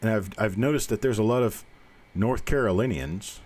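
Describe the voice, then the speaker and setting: A man's voice: fairly low pitch, normal speed, darkish tone. An older man hosting a live coin roll hunting show, chatting casually in a folksy, rambling way with the odd joke, speaking plainly and reassuringly to his viewers. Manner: folksy, rambling storyteller who cracks jokes. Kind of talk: casual live-stream chat.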